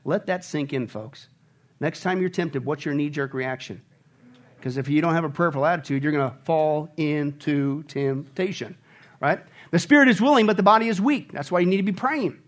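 A man preaching a sermon, animated and joking, often asking his listeners questions. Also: fairly high pitch, brisk. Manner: animated, asks the congregation questions, jokes. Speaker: pastor.

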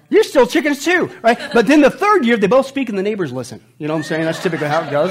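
A man preaching to a congregation, telling jokes with lively, swooping delivery. His voice is husky and a little breathy. He stumbles over words and restarts often as he tells his stories. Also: high voice, fast. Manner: animated storytelling, stammering restarts. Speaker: pastor. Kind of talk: sermon with jokes.

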